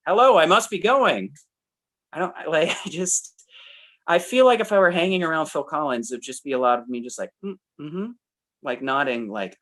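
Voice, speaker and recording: A man's voice: medium pitch, fairly bright tone. A man co-hosting a podcast, chatting casually about albums in a rambling way, often trailing off and restarting. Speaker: podcast co-host. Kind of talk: casual music review chat.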